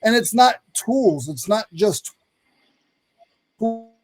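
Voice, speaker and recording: A man from North Carolina, a reseller, walking viewers through a website in a rambling, hurried screen-share chat. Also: high-pitched, animated, no echo, faint music behind. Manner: rambling, fast, self-correcting. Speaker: reseller sharing his screen on a live stream. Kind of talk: casual screen-share walkthrough.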